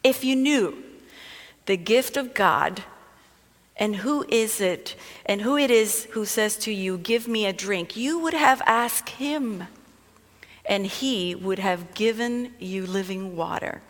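A woman's voice: mid-range voice, takes it slowly, a bit bright. A woman reading a Bible passage aloud and explaining it in a conversational, storytelling way. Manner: reads scripture then explains it conversationally. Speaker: Bible teacher. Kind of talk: sermon with scripture reading. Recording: long hall reverb.

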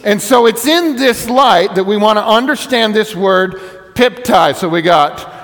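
Male pastor, high voice, teaching sermon, conversational, emphatic repetition, reverberant hall. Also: lively intonation, unhurried, vocal fry, fairly bright tone.

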